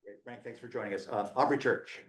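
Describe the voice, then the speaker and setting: A man's voice: on the low side, steady tone, fairly quick. Man chairing a meeting in an echoey room. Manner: informal, joking, loose and friendly. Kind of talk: chairing a hybrid public meeting.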